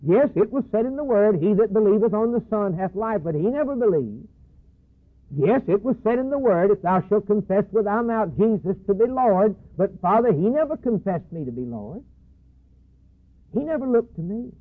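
A preacher voicing a solemn, grave high priest. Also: male voice, animated. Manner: grave, measured, quoting scripture. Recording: husky tinny phone-like broadcast.

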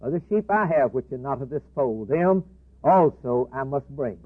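A man's voice: medium pitch, lively intonation, normal speed. Impassioned man preaching over tinny audio. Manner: impassioned, repetitive, swinging between loud declarations and hushed asides. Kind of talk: sermon. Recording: tinny phone-like band, husky.

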